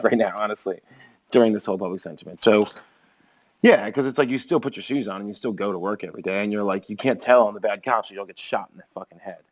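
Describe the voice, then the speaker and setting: Fast-talking rambling man on a podcast. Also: fairly low pitch, low-quality recording. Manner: rambling, animated storyteller full of filler "like"s. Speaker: podcast co-host. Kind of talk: casual podcast chat.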